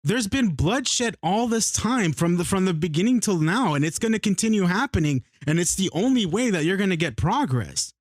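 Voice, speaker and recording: A man's voice: high voice, lively intonation, normal speed, hardly any pauses, dry recording. A man co-hosting a podcast, arguing heatedly in a casual debate, swearing often and talking over the other speaker. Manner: argumentative, swears a lot, talks over others. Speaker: podcast co-host.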